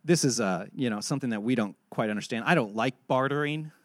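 A man preaching a sermon, telling a Bible story and acting out its dialogue with animated delivery. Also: mid-range voice, quick pace, no room sound. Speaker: pastor.

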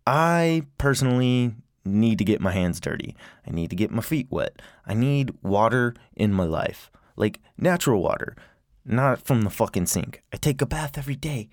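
Male podcaster, low-ish voice, foul-mouthed and tangent-prone, recorded dry in a small closet. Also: no echo. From lives in Portland. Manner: profane, ranting, wandering off on tangents. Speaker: podcast host. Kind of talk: casual rambling monologue. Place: small closet home studio.

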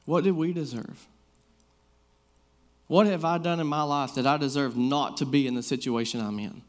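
A man's voice: on the high side, normal speed. Man preaching in a casual storytelling way. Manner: conversational, storytelling, many fillers like "like". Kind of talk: casual sermon with personal stories.

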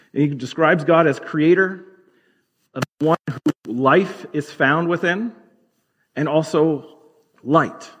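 A man preaching a sermon as pastor, explaining scripture in a conversational teaching manner and slowing down to stress key words. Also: mid-range voice, slightly rough. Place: church sanctuary. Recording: long hall reverb.

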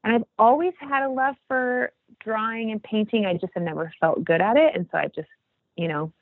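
A woman's voice: fairly high pitch, a little fast. A woman in her forties talking earnestly in a casual faith chat, rambling with many restarts. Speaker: podcast guest. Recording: tinny phone-like line.

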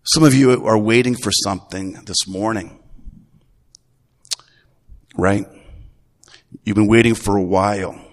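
A middle-aged man, a grandfather, preaching a Sunday sermon in a relaxed, folksy way, full of restarts. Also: lowish voice, unhurried, pauses often. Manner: conversational, folksy, with repeated restarts. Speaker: pastor. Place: church. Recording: long reverb of a church hall.

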